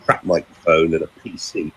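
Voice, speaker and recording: A man who works as a vocal coach, telling a story in casual chat, with a lively, animated way of talking. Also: low-pitched, unhurried, slightly rough, poor audio.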